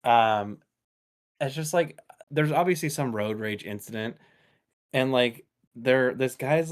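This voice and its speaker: A man co-hosting a casual gaming podcast, telling stories with laughs, swearing and lively acted quotes. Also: mid-range voice, normal speed. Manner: animated storytelling, laughs often, profane. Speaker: podcast co-host.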